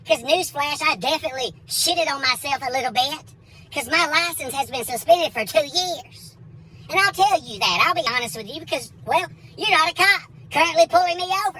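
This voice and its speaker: A comedian telling a crude, animated story and acting out the other people in it. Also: female voice, sits high, a little fast, a little hiss or hum, low-quality recording.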